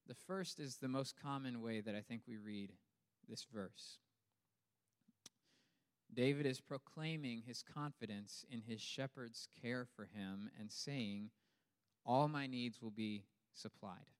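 A man's voice: mid-range voice, slow pace, smooth. Man preaching in a reverberant hall. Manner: lively preaching with humor. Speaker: pastor. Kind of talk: sermon. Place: church hall.

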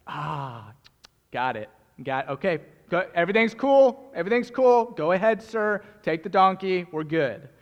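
A man voicing a village donkey owner who quickly backs down and waves people on. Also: sits high, sing-song, highs cut off. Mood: appeased. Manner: shouting then quickly appeased. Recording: long hall reverb.

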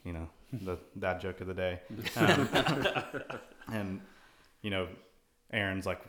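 A man's voice: low-pitched, animated, takes it slowly, long pauses, a bit bright. A man co-hosting a casual Christian talk show, thoughtfully quoting and explaining scripture at length. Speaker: co-host. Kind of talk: casual Bible discussion.

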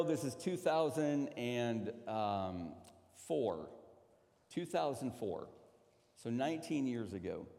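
A man preaching a sermon as a pastor, telling a story dramatically and swinging from loud to hushed. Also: mid-range voice, big-room sound. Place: church sanctuary.

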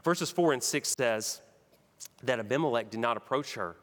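A man's voice: medium pitch, moderate pace, a bit bright, in a large hall. A man preaching a sermon with emphatic, rhythmic delivery. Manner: emphatic preaching, builds to repeated punchy phrases. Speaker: pastor.

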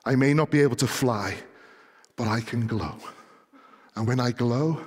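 A man voicing a gentle male firefly from a children's story who cannot fly, speaking softly and low, sinking to a whisper. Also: normal speed, breathy edge, long reverb tail, natural voice. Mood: tender. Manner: soft, low and tender, ending in a whisper.

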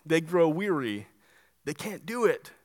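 A man with a high voice preaches a sermon. He talks to the congregation conversationally but hits his points with emphasis and keeps asking rhetorical questions. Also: big pitch swings, unhurried. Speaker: pastor.

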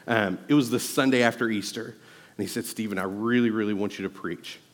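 A man's voice: lowish voice, fairly quick. Man preaching in an echoing church. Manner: storytelling, earnest, builds to loud emphatic preaching. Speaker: pastor. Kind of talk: sermon.

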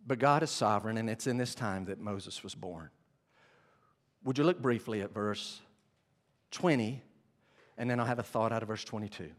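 A man preaching a sermon, telling the story with animated swings between hushed and loud. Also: medium pitch, moderate pace. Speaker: pastor. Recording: long hall reverb.

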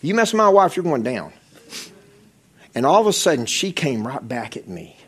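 Husky impassioned male preacher. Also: mid-range voice, big pitch swings, normal speed. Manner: impassioned preaching, swinging from loud exhortation to hushed intensity. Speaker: pastor. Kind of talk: sermon.

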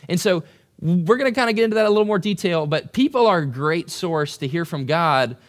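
A young man preaching a conversational sermon, animated and acting out quoted voices. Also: fairly high pitch, a little fast. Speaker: pastor.

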